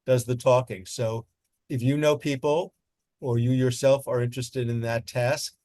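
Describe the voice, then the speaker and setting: A man's voice: mid-range voice, steady tone, moderate pace, mellow, no room sound. A man moderating a volunteer panel, talking casually with many fillers and restarts. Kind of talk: casual online panel talk.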